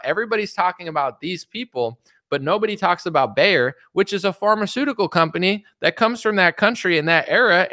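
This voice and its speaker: A man's voice: a little high, sharp tone, dry recording, studio quality. A young man hosting a casual livestream, rambling and sarcastic with lots of filler words while he reads viewer chats. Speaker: livestream host.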